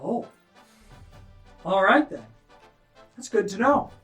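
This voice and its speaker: A man's voice: sits high, animated, takes it slowly, fairly bright tone, faint music behind, full character voice. A man voicing a flamboyant male game-show host of a dungeon arena, with showy, offhand announcer patter. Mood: chirpy host.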